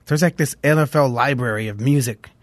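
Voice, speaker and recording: A man from Los Angeles talks as a guest in an interview at a mid-range pitch. He tells stories in an animated, loose way, full of "like"s. His voice sits close and dry on a studio mic. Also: brisk, no echo. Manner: animated storyteller, heavy on "like", hums tunes aloud. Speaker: guest musician. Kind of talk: casual interview chat.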